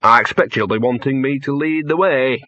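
A smug, grumbling little mutt with a sarcastic streak, as a man puts him on for a storybook. The voice is bright and a bit husky. It sounds dull and lo-fi. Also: medium pitch, moderate pace. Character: scruffy smug little male talking dog.

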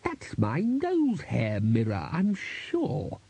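A man's voice: on the high side, wildly swooping pitch, takes it slowly, creaky, warm tone, slightly rough, pitched above the performer's own voice, exaggerated voice. A man doing a reedy, fussy old wizard. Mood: fussy indignant. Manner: fussy, indignant muttering. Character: fussy elderly male wizard bursar.

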